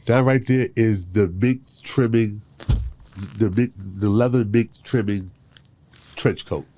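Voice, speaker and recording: A man's voice: on the low side, slow pace, dark tone, dry recording. A man, a fashion designer guest on a podcast, playful and teasing, often repeating his words. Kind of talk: casual chat.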